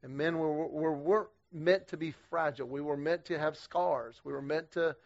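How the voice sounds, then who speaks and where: A middle-aged man speaking to a men's group at church, energetic and humorous, with a conversational style full of quick restarts. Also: a little high. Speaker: guest speaker leading a men's group series. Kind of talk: storytelling church talk to men. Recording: dull lo-fi sound.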